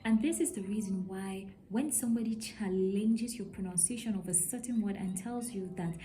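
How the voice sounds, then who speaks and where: A woman explains pronunciation in an emphatic teaching voice, often stopping to ask "okay?". Her tone is mellow and warm. Faint noise hums behind her. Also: medium pitch, normal speed, rough recording. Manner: emphatic, repeats "okay?" to check understanding. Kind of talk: talking-to-camera lesson.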